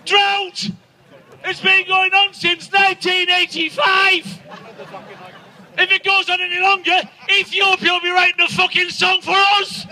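Male comic, outdoor crowd set; sharp, piercing, loud ranting delivery. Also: very high voice, level tone, measured pace, poor audio. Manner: loud, ranting, profane, shouting punchlines. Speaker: stand-up comedian. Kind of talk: stand-up rant to an outdoor crowd. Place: outdoors at a protest gathering.

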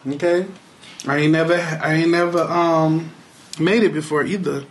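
A man's voice: fairly high pitch, fairly even intonation, moderate pace, a little hiss or hum. A man talking casually to his viewers in a home vlog, playful and loose with slang and fillers. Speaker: vlogger. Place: home, at his computer and kitchen.

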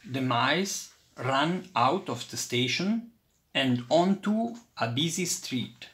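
A man reading a children's storybook aloud with expressive, unhurried storytelling. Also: mid-range voice. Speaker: storybook reader.

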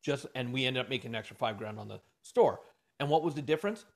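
A man, a podcast guest, telling a story in a lively way and acting out the voices of the people in it. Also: mid-range voice, fast, creaky. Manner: animated storyteller, acts out dialogue.

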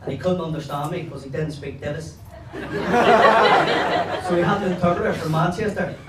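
A man with a Belfast accent doing a stand-up comedy set, rambling through crude stories and now and then breaking into loud shouts. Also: on the high side, quick pace, reverberant, recorded from a distance, heavy background noise. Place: pub comedy room with a laughing audience.

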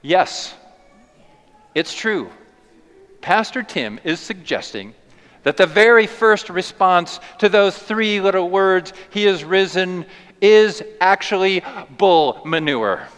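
A man preaching a sermon as a pastor, telling the story in a lively, playful way. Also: high voice, slow pace. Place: church sanctuary. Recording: long church reverb.

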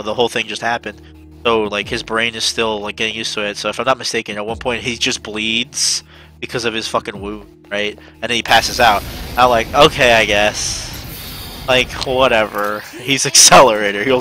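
It's casual gaming chatter from a male streamer: excited, full of swearing, and punctuated by high-pitched shouts whenever he acts out how he reacted.

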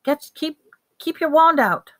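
A woman's voice: sits high, lively intonation, measured pace, fairly bright tone, pitched above the performer's own voice. A woman voicing an urgent teenage boy wizard, grim and panting.

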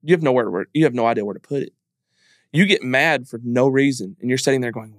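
Speaking fast in a medium-pitched voice, a man appears as a podcast guest in a candid interview, recorded with clean studio sound and no room sound. He is earnest and emphatic, repeating phrases as he opens up about grief.

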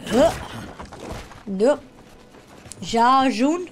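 Shrieking, high-voiced woman gamer. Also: very slow, noisy background. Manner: excitable, shrieks and gasps, talks to game characters. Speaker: gaming streamer. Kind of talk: live game reaction commentary.

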